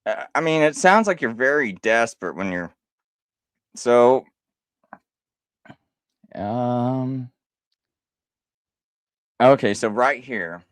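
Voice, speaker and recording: A male livestream host with a sarcastic, mocking edge, laughing as he argues. His pitch moves all over the place, rising high in disbelief and dropping low. The sound is dry and close. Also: expressive, slow pace, pauses often, smooth, dry recording. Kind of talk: livestream rebuttal commentary.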